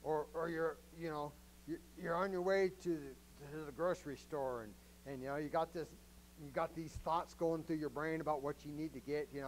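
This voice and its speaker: A man's voice: on the high side, fairly even intonation, normal speed, a little hiss or hum, poor audio. A man preaching a sermon as a pastor, in a conversational, joking way and often asking the congregation questions.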